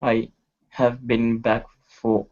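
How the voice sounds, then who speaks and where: A withdrawn darkling loner, as a man plays him in a tabletop game, slow and sparing with words. The recording sounds muffled and lo-fi. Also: mid-range voice, level tone. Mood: halting. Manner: quiet, halting, few words.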